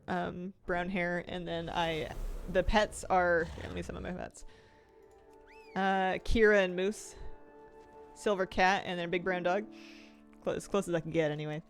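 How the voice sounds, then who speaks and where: A woman's voice: fairly low pitch, gravelly. A young woman chatting casually on a game stream, reading chat and laughing often between her comments. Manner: chatty, giggly, answers chat.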